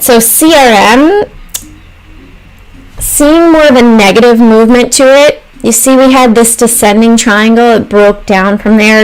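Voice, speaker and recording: A woman's voice: fairly high pitch, smooth, rough recording. A woman hosting a stock trading livestream, walking through charts and answering viewers' chat messages as she thinks aloud. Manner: thinks aloud with pauses and trailing phrases. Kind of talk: casual livestream commentary.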